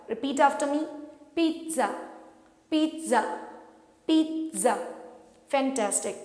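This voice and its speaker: A woman teaching pronunciation, patiently repeating each word for learners to echo. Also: on the high side. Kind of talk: slow, drilled pronunciation lesson. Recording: echoey room with long reverb.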